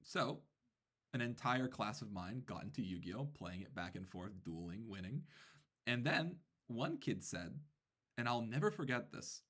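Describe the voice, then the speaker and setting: Low-voiced man telling a classroom story. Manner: animated, quick asides, mimics students. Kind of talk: casual storytelling narration.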